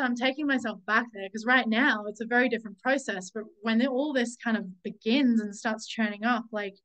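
A woman's voice: a little high, a bit bright, rough recording. Candid woman sharing on a group call. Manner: searching, self-correcting, many "like"s; candid, swears when recalling anger. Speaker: summit speaker. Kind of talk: reflective personal sharing on a call.

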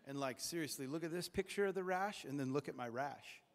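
A man's voice: fairly high pitch, lively intonation, fairly quick, in a large hall. A man preaching a sermon in a church, talking conversationally and jokingly and acting out the people he quotes. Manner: conversational and jokey, acts out quoted voices. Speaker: pastor. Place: church sanctuary.

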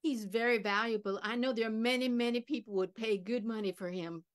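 A woman's voice: on the high side, steady tone, a little fast, natural voice. A woman improvising a flashy, shameless schemer who talks in a breezy, smug way on stage. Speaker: improv performer. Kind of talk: live improv comedy scene. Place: theater stage.

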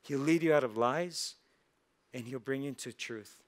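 A man's voice: medium pitch, normal speed. A male pastor giving a sermon in a church, telling a story and acting out its characters' lines. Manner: storytelling with acted-out voices.

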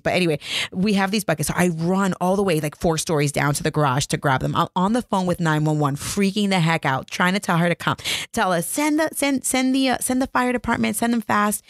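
A woman's voice: fairly low pitch, no room sound, studio quality. A woman in her thirties hosting a podcast, telling a story in a casual, chatty, laughing way into a microphone at home. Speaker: podcast host. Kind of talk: casual chat. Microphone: studio microphone.

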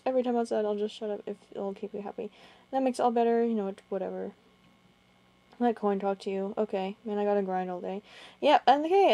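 A young woman vlogging casually about a chat exchange, rambling and halting with many restarts. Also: mid-range voice, mellow. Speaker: gaming video creator. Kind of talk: casual vlog recounting a chat.

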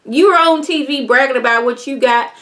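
A woman's voice: sits high, normal speed, a bit bright. Sassy, exasperated woman reviewing a reality show. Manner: sassy, exasperated, talks straight to viewers. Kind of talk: casual review vlog.

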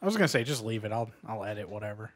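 A man's voice: fairly low pitch, expressive, racing. A young man co-hosting a let's play, joking, laughing and swearing as he plays. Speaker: co-host of a gaming show.

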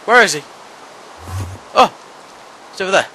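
Animated young man playing a game. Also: medium pitch, slow, breathy edge, low-quality recording. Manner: talks to monsters, yelps and shouts when hit. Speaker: gaming channel host. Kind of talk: let's play commentary.

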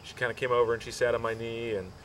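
A man slowly recounting how he proposed, with many fillers, restarts and pauses. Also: mid-range voice, flat delivery, distant mic, a little hiss or hum, low-quality recording. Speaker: groom telling proposal story. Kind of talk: casual storytelling.

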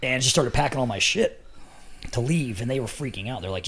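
A man's voice: mid-range voice, animated, a little fast, a bit bright, husky. A middle-aged man telling stories as a podcast guest, laughing often and swearing freely. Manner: profane, laughing storyteller. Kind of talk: casual storytelling.

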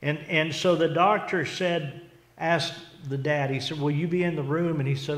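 A man preaching a sermon as pastor, earnest and unhurried, often restarting and repeating words as he goes. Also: on the high side, steady tone, a bit bright. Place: church sanctuary. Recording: echoey church hall.

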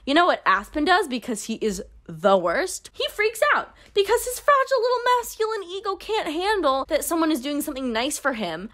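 A young woman giving a casual, sarcastic book recap, acting out the characters' lines in quick bursts. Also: high voice, big pitch swings, a bit bright. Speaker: book reviewer.

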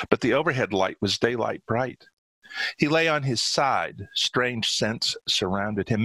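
A man reads his own short story aloud in steady, dramatic narration. His voice is low and forceful. The sound is close and dry. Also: no echo, low-quality recording. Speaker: author.

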